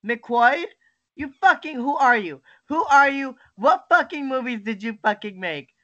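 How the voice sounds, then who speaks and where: A young adult on a webcam video call, ranting and swearing constantly, bursting into shouts and cry-like laughter. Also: high voice, lively intonation, measured pace, muffled recording. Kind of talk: casual profane rant.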